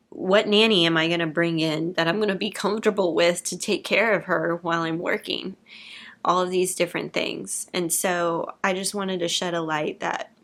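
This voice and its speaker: Young woman vlogger, low-ish voice, frank and emotional, casual swearing, talks straight to camera. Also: fairly bright tone. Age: young adult. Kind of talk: candid personal vlog.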